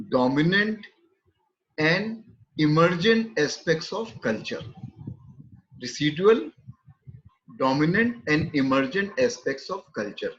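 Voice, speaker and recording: Measured male literature lecturer, lo-fi. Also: a little high. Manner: measured, repeats key terms, many pauses with fillers. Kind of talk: academic lecture.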